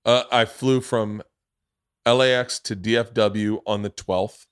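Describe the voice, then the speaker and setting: A man's voice: lowish voice, steady tone, measured pace, clear, resonant tone, no echo, clean studio sound. A man hosting a podcast, telling a long rambling story in casual chat, swearing freely. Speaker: podcast host.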